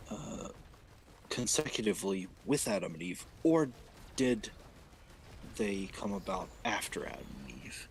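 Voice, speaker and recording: A young man with a fairly low voice rambles through crude, mock-serious stream chatter. He circles back on his own phrases. Faint noise sits under the recording. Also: big pitch swings, unhurried, vocal fry, long pauses, poor audio. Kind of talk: casual stream chat.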